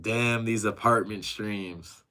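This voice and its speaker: A young man streams from a rented apartment, reading chat messages out loud and reacting with casual, profanity-laced banter. His voice sits on the low side. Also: fairly even intonation, takes it slowly. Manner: reads chat messages aloud and reacts, swearing.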